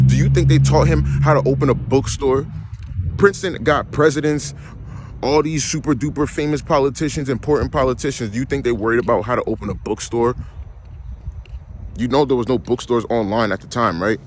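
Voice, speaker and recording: A man's voice: medium pitch, fairly quick, background noise. A young man, ranting emphatically and repeating himself in a vlog. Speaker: vlogger. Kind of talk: ranting monologue.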